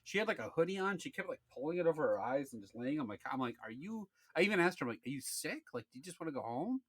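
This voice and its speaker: Casual male podcast host in his thirties, lively and bright, rambling anecdotes. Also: on the high side, very fast, slightly rough, no room sound. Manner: rambling, many "like"s, acts out quotes. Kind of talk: casual storytelling.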